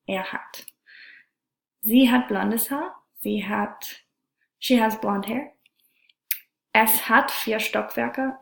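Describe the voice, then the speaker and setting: Female teacher, patient lesson delivery, stretches out example words, slight fry in the voice. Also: mid-range voice. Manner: slow, careful, drawn-out pronunciation of examples. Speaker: German teacher. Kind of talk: classroom grammar lesson. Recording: echoey room.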